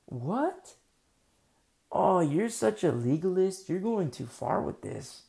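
A man's voice: high-pitched, big pitch swings, takes it slowly, vocal fry, warm tone, pitched above the performer's own voice, heavily acted. A man preacher voicing an incredulous, taunting male neighbor in a sermon. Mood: mocking. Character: scoffing male neighbor mocking a boat builder.

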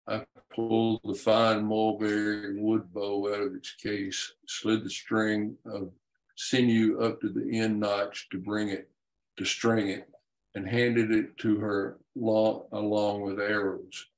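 A man, an author, reading his own book aloud in a measured, even way with small slips. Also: on the low side, low-quality recording.

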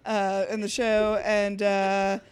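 A woman's voice: medium pitch, completely flat delivery, takes it slowly. A young adult woman co-hosting a podcast, tipsy, giggly and scattered after wine. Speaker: podcast co-host. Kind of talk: casual chat.

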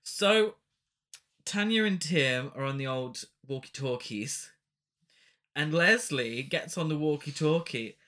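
Slow and expressive, his voice is a little high and a bit bright. As a podcast co-host, he reviews a film in a relaxed chat, rambling into playful asides and laughing frequently.

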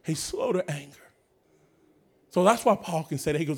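A male pastor delivers an energetic sermon to his congregation. His voice sits high for a man, and he swings from shouted bursts down to hushed asides as he calls out to the room. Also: normal speed, husky.

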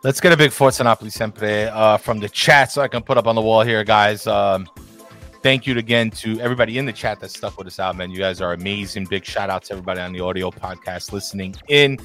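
Relaxed low-voiced podcast host. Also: male voice, quick pace, soft background music. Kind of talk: casual podcast sign-off chat.

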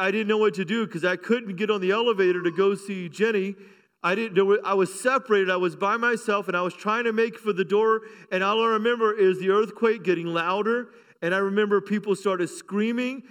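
A man's voice: high voice, fairly even intonation, normal speed, fairly bright tone, clean tone. A middle-aged man pastor preaching a sermon fervently, with call-outs and humor, in a church. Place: church sanctuary. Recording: long hall reverb.

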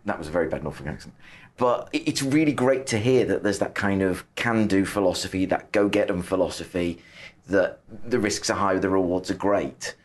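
A man hosts a podcast and puts his questions to a guest with playful animation. His speaking voice sits fairly low. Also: moderate pace. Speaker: podcast host. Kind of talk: interviewing.

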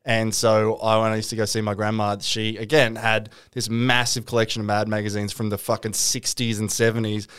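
A man's voice: on the low side, flat delivery, fairly quick, few pauses, a bit bright, clean tone. A man telling a rambling story in casual podcast chat, swearing casually.

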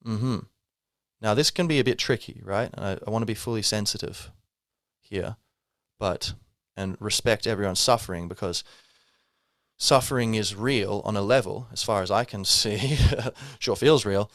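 A man's voice: fairly low pitch, moderate pace, a bit bright, dry recording, studio quality. A man hosting a podcast, musing in a casual, rambling way with wry asides. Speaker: podcast host. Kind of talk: reflective spiritual monologue.

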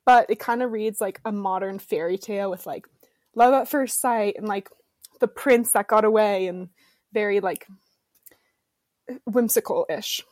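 A woman's voice: mid-range voice, a little slow, pauses often, darkish tone, no room sound, studio quality. A woman hosting a book podcast, chatting casually with lots of fillers and giggles. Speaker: podcast host and romance author. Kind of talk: casual chat.

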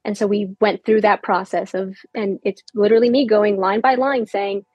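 A woman's voice: medium pitch, fairly even intonation, a little fast, breathy edge, no echo, muffled recording, soft background music. A woman book editor chatting on a podcast, explaining her editing process step by step. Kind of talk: casual podcast chat.

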